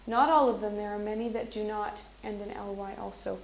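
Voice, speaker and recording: A woman teaching an English lesson to a class, speaking slowly and clearly. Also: medium pitch, steady tone. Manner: slow, clear, encouraging teacher talk. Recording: echoey classroom with faint noise.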